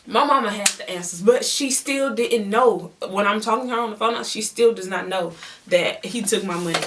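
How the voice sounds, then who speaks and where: A young woman telling a story on her vlog in a casual, animated, slangy way, repeating words for emphasis. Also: medium pitch, normal speed, recorded from a distance, a little hiss or hum. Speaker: beauty vlogger.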